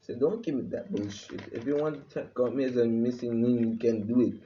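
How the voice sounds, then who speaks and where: A man voicing a blunt, defiant young male ninja, muttering low and dismissively, on a dull lo-fi recording. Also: a little fast, mellow, lightly acted.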